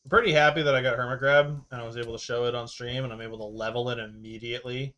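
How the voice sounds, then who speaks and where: Very fast and forceful, this young streamer's mid-range voice is bright and steady in tone. He gives casual gameplay commentary, talking loosely to himself and his viewers, swearing offhandedly and laughing at his own expense.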